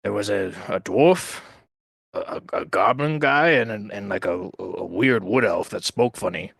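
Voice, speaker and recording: A man playing a young male orc wanderer in a tabletop game, telling his backstory in a halting way with repeated words. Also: on the low side, gravelly, fairly bright tone, slightly rough, no echo, full character voice. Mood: earnest.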